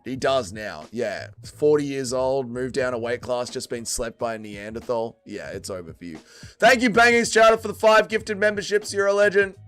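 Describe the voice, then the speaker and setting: Sarcastic streamer with lively pitch. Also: male voice. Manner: sarcastic, swears freely, reads chat aloud. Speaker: livestream host. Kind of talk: casual livestream chat.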